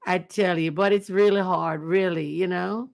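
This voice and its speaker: A woman's voice: on the low side, fairly even intonation, normal speed, gravelly. A woman chatting casually and earnestly on her first livestream, repeating herself often. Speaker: livestream host.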